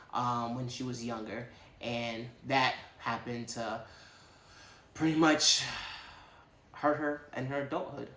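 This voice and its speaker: A man giving a casual, rambling movie review with animated, slangy asides. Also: medium pitch, echoey room, slight background noise.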